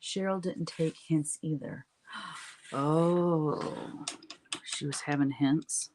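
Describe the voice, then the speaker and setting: A woman's voice: low-pitched, fairly even intonation, drawn-out words, darkish tone, slight background noise. Middle-aged lady chatting w viewers while painting, rambly, laughs easy. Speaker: livestream craft host.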